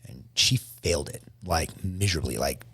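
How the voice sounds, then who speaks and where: A man, a podcast guest, shaken and emotional, telling his story haltingly with many restarts. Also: rumbling low, bright, forceful tone, slightly rough, no echo.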